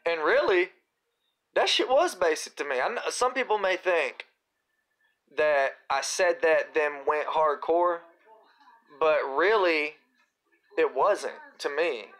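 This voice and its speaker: A young man with a slightly high voice hosts a live Q&A, speaking slowly with long pauses over a rough recording. He chats casually in slang about his own raps and recites some of his lines in a relaxed way, like a laid-back livestream.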